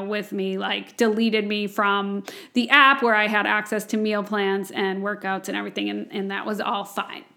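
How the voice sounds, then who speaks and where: Chatty high-voiced woman attorney. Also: bright, forceful tone. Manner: chatty, often asks "right?" and uses filler "like". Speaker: contract attorney. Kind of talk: casual storytelling monologue.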